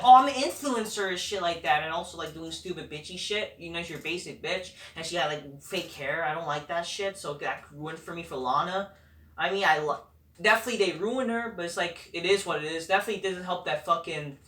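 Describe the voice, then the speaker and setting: A man's voice: high voice, bright, forceful tone, far from the mic. A man ranting profanely and dismissively in opinion commentary on a vlog. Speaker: wrestling commentary vlogger. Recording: echoey room, voice off-mic.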